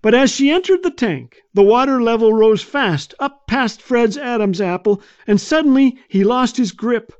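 A man with a high voice tells a gently comic anecdote in a humorous storytelling manner, the way a radio devotional speaker would. His recording sounds muffled and lo-fi. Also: lively intonation, normal speed, hardly any pauses, clean tone. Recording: dull lo-fi.

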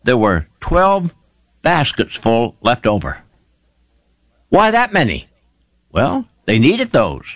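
A man's voice: mid-range voice, wildly swooping pitch, takes it slowly, pauses often, fairly bright tone, dry recording. A man preaching a sermon, retelling scripture stories with fervent, emphatic delivery. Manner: fervent, emphatic storytelling with rising exclamations.

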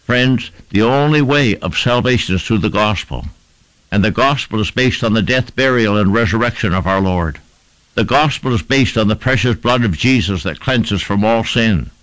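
A man's voice: lowish voice, normal speed, a bit bright, no echo, poor audio. A man preaching a sermon, stressing his points and repeating phrases in rhythmic lists.

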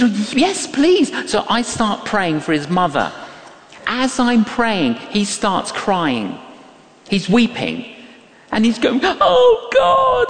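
An older man preaching a sermon, telling stories and acting out the voices of people in them with emphasis. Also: high-pitched. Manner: animated, emphatic, acts out quoted voices. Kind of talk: sermon with storytelling. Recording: long reverb of a large hall.

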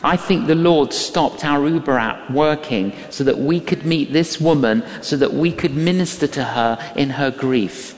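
Older male preacher, high voice, slow deliberate sermon, long hall reverb. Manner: emphatic, repeats key lines, acts out quoted voices. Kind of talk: sermon with storytelling.

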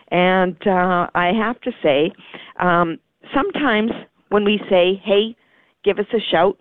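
A woman hosting a radio gardening show, with a slightly low voice. She rambles in a warm-hearted, chatty way. The sound is dry and phone-narrow, like an on-air call. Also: no echo. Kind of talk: casual radio talk.

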